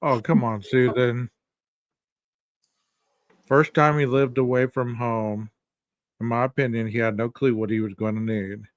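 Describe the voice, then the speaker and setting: A man of middle pitch co-hosts a casual true-crime chat and teases his co-hosts in a chatty way. His voice comes through slightly muffled and dry. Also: fairly even intonation, dry recording. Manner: chatty, teasing, quick to laugh. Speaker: podcast co-host.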